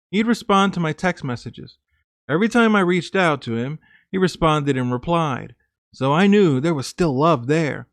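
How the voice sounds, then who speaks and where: A man's voice: on the high side, dry recording, clean studio sound. A man narrating a woman's confessional true story in the first person, in an earnest, plain scripted reading.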